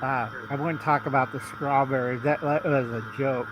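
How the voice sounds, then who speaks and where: A man's voice: mid-range voice, steady tone, normal speed, noisy background. A man calling into a casual live chat, rambling as he lists things off. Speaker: chat guest.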